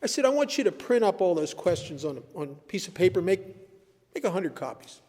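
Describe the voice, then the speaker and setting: A man speaking at a recovery meeting, telling stories in an animated way and laughing at his own tales. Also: high-pitched, brisk. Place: meeting hall. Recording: echoey hall recording.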